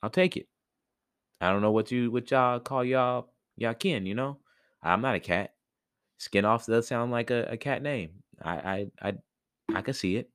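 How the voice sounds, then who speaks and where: A man's voice: medium pitch, moderate pace, fairly bright tone, clear, resonant tone, no echo, studio quality, close to an everyday voice. A man voicing a friendly, trusting mouse who keeps house, chatting in slang.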